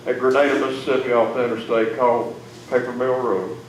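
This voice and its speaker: A man telling an emotional personal testimony to an audience, folksy and plainspoken, with big swings in loudness. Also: mid-range voice, level tone, fairly quick. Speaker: testimony speaker. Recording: echoey room, far mic, noisy.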